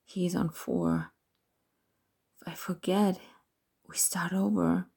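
A woman speaks in a whispered role-play, her voice drawn out slowly and heavy with gravelly fry. The tone is husky and mellow, close and intimate. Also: lowish voice, fairly even intonation. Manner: soft breathy whisper, slow and intimate. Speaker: narrator of an erotic audio story.

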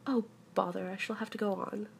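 A woman's voice: mid-range voice, steady tone, fairly quick, gravelly, a little hiss or hum. A woman voicing a simple, honey-loving male teddy bear who talks plaintively, often in a whisper, in a storybook reading.

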